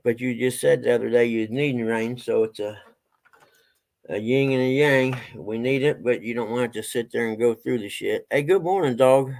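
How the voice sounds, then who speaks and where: A man's voice: mid-range voice, moderate pace, darkish tone, poor audio. A middle-aged man chatting casually on a livestream, folksy and a little out of breath, talking to his pets and viewers.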